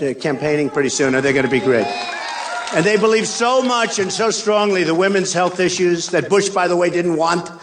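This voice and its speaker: A man's voice: high voice, background noise. An older man giving a rally speech, boastful and repetitive, with mocking asides. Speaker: political candidate. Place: large arena. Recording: crowd in a big arena. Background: faint crowd and ambience.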